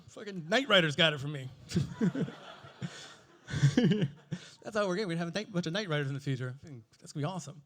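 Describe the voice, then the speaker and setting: A man's voice: fairly high pitch, fast talker, pauses often, a bit bright. A man in his forties doing a stand-up comedy set, crude, playful and self-mocking as he riffs with the audience. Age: 40s.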